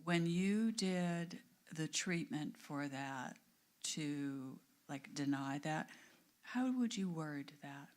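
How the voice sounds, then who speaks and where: A woman's voice: sits low, lively intonation, takes it slowly, a little mellow. A woman in a church discussion group, asking a question while searching for her words.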